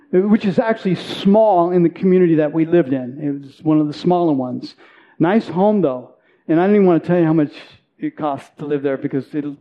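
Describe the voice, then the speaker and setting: A man's voice: on the high side, muffled recording. A man in his forties preaching a sermon, earnest and self-deprecating, telling a personal story with repeated words. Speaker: pastor.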